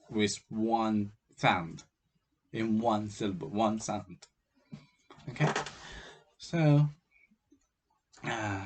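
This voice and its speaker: A man with a Chinese accent teaching, speaking haltingly with frequent hesitations and restarts. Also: fairly low pitch. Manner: hesitant, many fillers and restarts. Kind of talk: explaining with slow, halting delivery.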